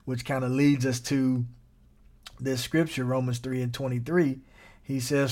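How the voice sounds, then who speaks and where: A man pastor preaching a sermon in a lively, playful way, breaking into chuckles and quick asides. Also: fairly high pitch.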